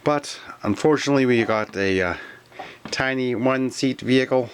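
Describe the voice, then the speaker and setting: A man from Canada chatting casually in a toy collector vlog, rambling and grumbling, sometimes whispering names in a drawn-out way. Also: mid-range voice, clear, resonant tone. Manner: rambling and complaining, with stretched-out whispered echoes of names. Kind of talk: casual toy review chat.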